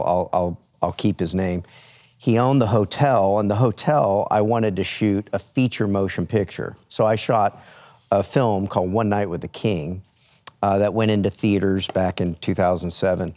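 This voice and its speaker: A talk-show host from Texas, speaking in a fairly low voice with a relaxed, rambling delivery. He restarts and repeats words as he tells his anecdote. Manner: storytelling with many restarts. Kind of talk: casual studio talk show.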